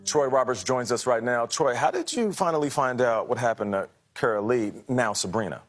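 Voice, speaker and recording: A man's voice: medium pitch, soft background music. A man anchoring a television news program and introducing a report and its reporter. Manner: measured, lively newsreader delivery. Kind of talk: studio news presentation.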